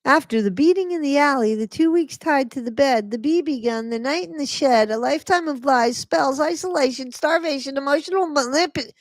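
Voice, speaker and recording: A streamer putting on a high, fearful memoir voice. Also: moderate pace, few pauses, no room sound. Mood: dramatic.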